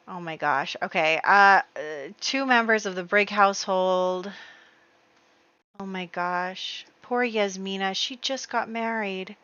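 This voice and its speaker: A woman hosting a casual gameplay video, excitable and full of exclamations as she talks to her viewers. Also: medium pitch, dry recording, lo-fi sound. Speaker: let's play host.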